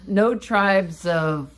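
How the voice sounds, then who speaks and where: A woman co-hosting a podcast, telling a story in a casual, animated, self-mocking way. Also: mid-range voice. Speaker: podcast co-host.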